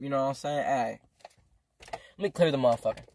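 Fast-talking slangy young man. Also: mid-range voice, lively intonation, darkish tone. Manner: slangy, profane, rambling storytelling. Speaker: vlogger. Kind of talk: casual storytime.

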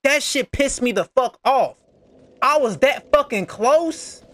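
A man's voice: very high voice, expressive, takes it slowly, pushed and bright. A young man giving casual gameplay commentary, muttering and cursing in frustration at the game. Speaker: gaming channel host.

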